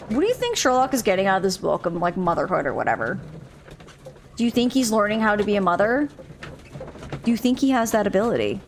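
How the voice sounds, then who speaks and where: A woman's voice: medium pitch, a little hiss or hum. A woman streaming a mystery game, chatting casually, reading game text aloud and musing, and stumbling over hard names.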